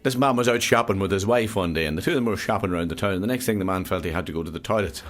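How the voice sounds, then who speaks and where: Fast-talking Irish stand-up comedian. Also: male voice, low voice. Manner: quick, rambling storyteller with restarts. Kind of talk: stand-up joke telling.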